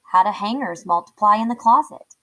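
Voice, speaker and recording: A woman reading a children's chapter book aloud in a clear, steady storytelling voice. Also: medium pitch, a little fast, poor audio.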